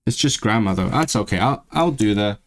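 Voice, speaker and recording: A man's voice: on the low side, animated, fairly quick. A young man chatting casually on a livestream, talking things over as he goes, often restarting words and reading lesson text aloud. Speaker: streamer studying a language.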